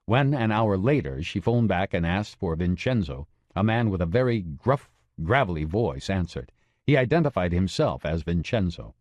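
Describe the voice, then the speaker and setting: A man narrating a true-crime audiobook in a measured, expressive way. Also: low-pitched, no echo.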